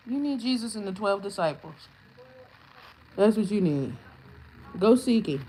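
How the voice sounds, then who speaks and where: A woman's voice: medium pitch, animated, moderate pace, long pauses, mellow, slight background noise. A woman hosting a casual livestream, answering trolls in chat with brash, profane comebacks and frequent laughter. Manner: laughs often while talking. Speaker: livestream host.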